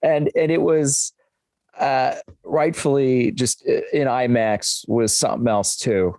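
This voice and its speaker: Podcast guy, relaxed and offhand, dry close sound, just chatting about movies. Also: mid-range voice, slow, no room sound. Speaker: podcast host. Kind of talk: casual chat.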